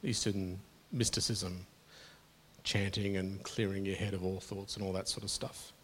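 A man's voice: deep voice, flat delivery, normal speed, a little hiss or hum. A middle-aged man preaching a sermon to his congregation in an earnest, conversational way, often restarting his phrases. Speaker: pastor.

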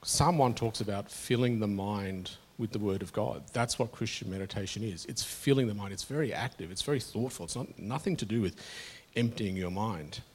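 A man's voice: fairly low pitch, normal speed, hardly any pauses, husky. A middle-aged man preaching a sermon to his congregation in an earnest, conversational way, often restarting his phrases. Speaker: pastor.

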